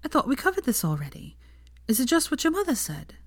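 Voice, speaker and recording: A woman reads as a caring young woman, earnest and gentle, her lines soft and reassuring, lifted well above the reader's own low voice. It is recorded dry and close, with no room sound. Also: wildly swooping pitch, fast, dry recording, heavily acted. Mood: tender. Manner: soft, reassuring, near whisper.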